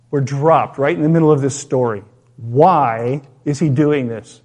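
A man's voice: mid-range voice, a little slow, a little mellow. A man preaching a sermon as a pastor, reading scripture, praying and telling a story in a conversational way, with rhetorical questions.

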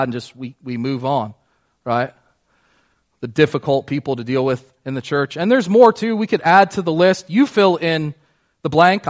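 A man preaching a sermon as pastor, in a conversational way, often asking the congregation questions. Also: a little high.

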